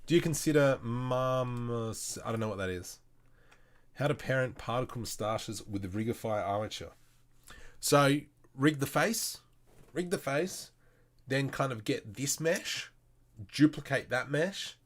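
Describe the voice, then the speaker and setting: Chatty Australian man streaming his work. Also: medium pitch. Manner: chatty, thinks aloud, mutters while working. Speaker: 3D artist streaming live. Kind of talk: casual live-stream tutorial.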